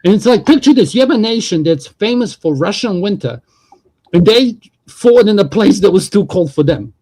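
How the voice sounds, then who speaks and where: A man's voice: high-pitched, animated, normal speed, darkish tone. A man hosting a livestream, talking politics in a casual, profane, rambling way.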